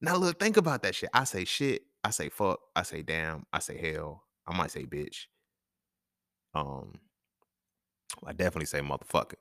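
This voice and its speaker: A young man hosting a casual podcast monologue, talking in an animated, profane way and laughing often. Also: extremely low pitch, moderate pace, pauses often, no room sound, studio quality. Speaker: podcast host.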